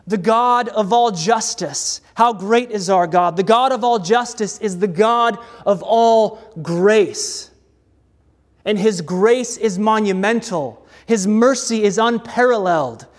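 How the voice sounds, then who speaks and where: A man with a notably high voice preaches in a slow, measured cadence, leaning on pauses and repeated refrains. His words ring out with a long reverb, as if in a large hall. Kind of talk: sermon.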